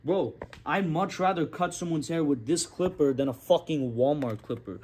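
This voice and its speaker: A man's voice: fairly high pitch, moderate pace, hardly any pauses, a little mellow, slight background noise. Profane ranting barber man. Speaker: barber and vlog host. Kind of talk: casual vlog chat.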